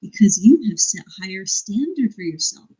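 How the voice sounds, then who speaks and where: A woman reading aloud the lines of a gentle older man giving earnest counsel, in a husky, breathy voice. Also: medium pitch, lively intonation, moderate pace, rough recording.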